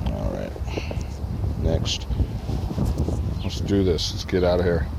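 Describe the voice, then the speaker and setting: Out on a traffic-filled city street, a cranky older man swears and rambles to himself and the camera, his deep, gravelly voice slow and sing-song. Heavy background noise from passing cars and motorcycles surrounds the small wire mic clipped to his body.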